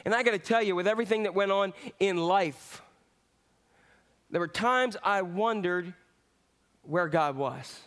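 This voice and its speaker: A pastor preaching with a fairly high, animated voice. He calls out to the congregation, then drops to quiet, reflective moments as he talks through scripture. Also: unhurried, pauses often. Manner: lively preaching with swings from loud to hushed. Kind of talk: sermon.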